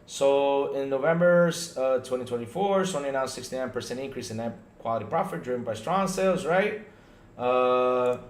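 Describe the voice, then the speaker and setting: A man hosting a casual gaming podcast stream, animated and talking straight to his viewers, often checking in with "right?". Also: medium pitch, reverberant, slight background noise. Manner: animated, talks to chat viewers, lots of "right?" and restarts. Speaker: podcast host. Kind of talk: casual livestream podcast chat.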